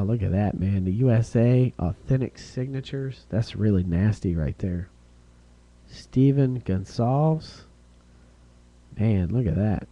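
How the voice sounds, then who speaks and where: A man hosting a live-streamed card break, calling out each card and who gets it, getting excited over rare hits. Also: lowish voice, dull audio. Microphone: streaming setup.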